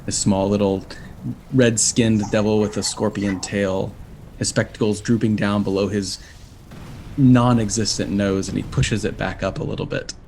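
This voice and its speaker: A man's voice: on the low side, fairly even intonation, normal speed, creaky, a little mellow, slight background noise. A man narrating a tabletop role-playing game as game master, in a descriptive storytelling manner.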